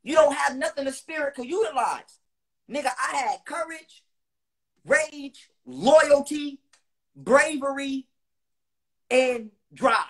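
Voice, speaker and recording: A man delivering a heated, profane monologue to his viewers. He repeats lines for emphasis, with loud bursts between lower, quieter stretches. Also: lively intonation, slow, pauses often. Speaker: online speaker.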